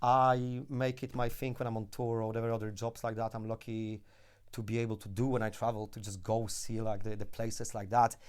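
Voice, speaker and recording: A man, a podcast guest, telling lively, swear-laced stories with frequent laughs. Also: fairly low pitch, brisk, clean tone. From Ukraine. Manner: animated storyteller, swears, laughs often. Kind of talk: casual podcast chat.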